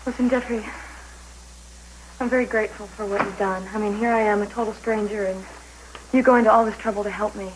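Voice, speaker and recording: A woman's voice: mid-range voice, steady tone, a little fast, long pauses, noisy background, lightly acted. An actress playing an anxious young woman stranded far from home in a soap opera.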